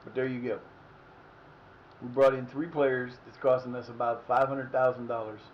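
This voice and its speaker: A man's voice: mid-range voice, little pitch movement, moderate pace, highs cut off, slight background noise. A man streaming a soccer management game, cursing and exasperated as he talks to himself. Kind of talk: live game commentary.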